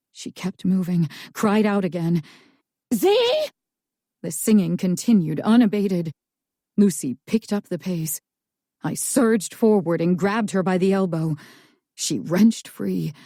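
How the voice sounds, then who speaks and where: A woman narrating a first-person thriller audiobook in a slow, tense storytelling manner. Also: fairly low pitch, warm tone, dry recording, clean studio sound.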